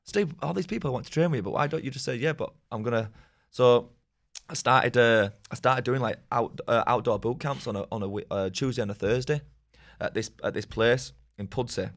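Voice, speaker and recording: A man, telling rambling, sweary stories as a podcast guest. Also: medium pitch. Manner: fast, rambling, swears often, laughs. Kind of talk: casual storytelling chat.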